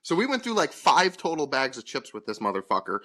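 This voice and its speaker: A man's voice: mid-range voice, wildly swooping pitch, a little fast, pushed and bright. A man, co-hosting a podcast and telling a profane, exasperated story, acting out the people in it. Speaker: podcast co-host. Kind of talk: casual storytelling chat.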